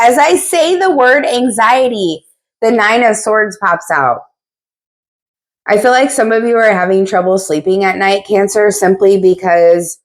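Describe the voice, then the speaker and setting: Woman, young adult, tarot reader, blunt, chatty, casual swearing, somewhat low voice. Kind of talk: casual spoken tarot reading.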